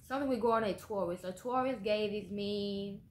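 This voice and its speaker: A woman's voice: mid-range voice, brisk. A woman doing a casual tarot reading for viewers, blunt and heavy on swearing, tagging her lines with "okay?". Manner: blunt and profane, swearing often; trails off with repeated "okay?" tags. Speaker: tarot card reader. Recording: echoey room with faint background noise.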